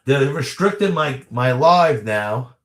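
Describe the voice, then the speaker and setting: A man's voice: mid-range voice, lively intonation, slow, echoey room. A man in his thirties hosting a casual livestream, answering viewer questions in a rambling, chatty way with frequent laughs. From New York area. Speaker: livestream host.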